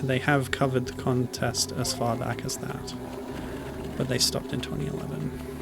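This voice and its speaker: A man's voice: medium pitch, little pitch movement, moderate pace, vocal fry. A man streaming a video game, chatting casually and rambling off on tangents as he plays. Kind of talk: casual gameplay commentary. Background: game music.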